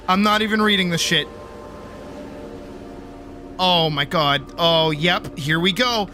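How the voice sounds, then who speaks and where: High, bright-voiced cursing game streamer. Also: male voice, takes it slowly, long pauses, faint music behind. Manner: ranting, profane, yelling and laughing at the game. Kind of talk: live gameplay commentary.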